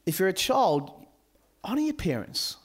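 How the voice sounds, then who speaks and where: A man giving a sermon at a youth camp, animated and joking with his listeners. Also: sits high, moderate pace, husky. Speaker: camp speaker.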